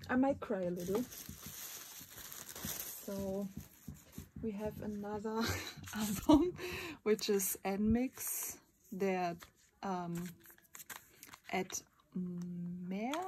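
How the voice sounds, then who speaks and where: A young woman in a casual unboxing vlog, gushing, giggling and often squealing in excitement. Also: medium pitch. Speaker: vlogger. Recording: crinkling packaging noise behind. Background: bubble wrap and packaging crinkles.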